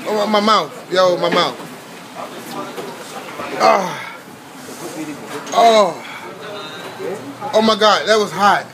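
A man's voice: high-pitched, extremely slow, gravelly, pauses often, crowd noise. A young man, vlogging casually while teary, sweating and gasping as his mouth burns. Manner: gasping and groaning, mouth burning. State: teary, sweating, short of breath. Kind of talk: casual vlog.

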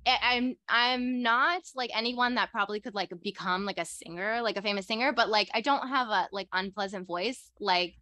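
A young woman co-hosting a podcast, telling a story in a rambling, excitable way and filling her talk with "like". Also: medium pitch, moderate pace, few pauses, no room sound. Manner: rambling and excitable, heavy use of "like". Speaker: podcast co-host. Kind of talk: casual storytelling chat.

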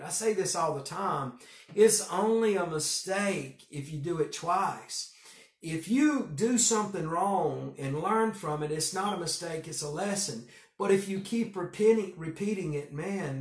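A middle-aged man, a pastor, preaching a men's devotion with emphatic repeated phrases, going quiet for personal stories. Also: high-pitched. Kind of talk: men's group devotion sermon. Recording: echoey room.

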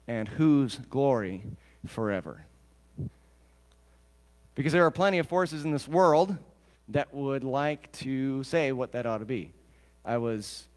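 A man's voice: mid-range voice, in a large hall. A male pastor preaching a sermon in a conversational way, with joking asides and questions to the congregation.

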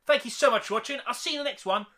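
A British man hosting an excited, slangy reaction commentary, calling his viewers mate again and again. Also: very high-pitched, rapid-fire. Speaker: YouTube reaction host.

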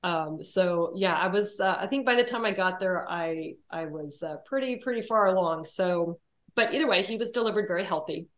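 A woman telling her personal story as a podcast guest, quiet and reflective, hesitating often with fillers and restarts. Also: lowish voice, moderate pace.

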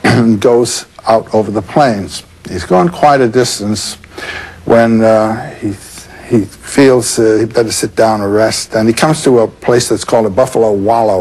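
A man telling a folk tale in casual oral style, relaxed and digressive with hesitant fillers. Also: on the low side, husky, low-quality recording. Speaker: storyteller, interview guest.

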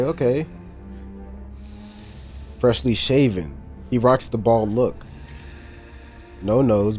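A man's voice: mid-range voice, a little mellow. A young man casually reacting to a movie, talking in loose slang, cursing and laughing a lot.

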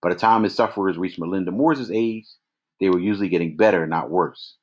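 Deep-voiced man reading a novel aloud. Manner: measured, with occasional restarts. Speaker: reader. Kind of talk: read-aloud novel narration.

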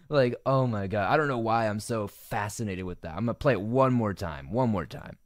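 A man's voice: lowish voice, a little fast, hardly any pauses, dry recording, studio quality. A man hosting a commentary video, reacting to a clip with profane disbelief and frequent laughter. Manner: incredulous, profane, laughs often. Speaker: commentary channel host. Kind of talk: reacting to and narrating an online clip.

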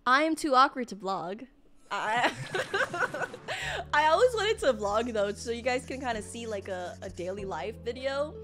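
A woman's voice: fairly high pitch, big pitch swings, unhurried. A young woman streaming a game, rambling and panicking aloud as she plays. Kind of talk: casual gameplay livestream. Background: game music.

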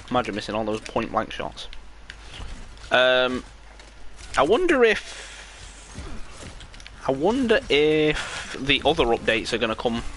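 A man's voice: mid-range voice, bright, forceful tone, a little hiss or hum. A young British man chatting casually and joking while streaming a game, laughing often and wandering off on asides. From Britain. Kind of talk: casual live gameplay chat.

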